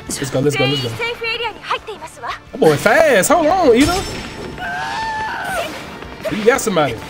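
A man hosting a gaming channel, giving excitable, slangy, trash-talking live commentary while he plays. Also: high voice, normal speed. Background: loud game music.

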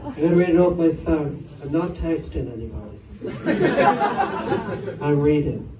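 A comedian with an animated voice on the high side speaks at normal speed during his stand-up set. Between jokes he rambles and banters wryly with the audience, whose laughter fills the roomy, far-off live club recording.

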